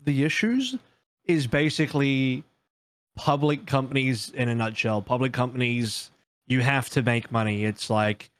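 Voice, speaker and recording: A man with a mid-range voice works through his view at an even pace on a casual podcast. He thinks aloud with fillers like 'I mean' and 'um'. The recording is dry and close. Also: mid-range voice, no room sound. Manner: measured, reasoning aloud with fillers.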